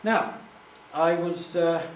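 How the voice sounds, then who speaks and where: A man speaking live to an audience gives a rambling, self-deprecating talk in a fairly high, steady voice at a slow pace. The mic is distant in an echoey hall, with a faint hum underneath.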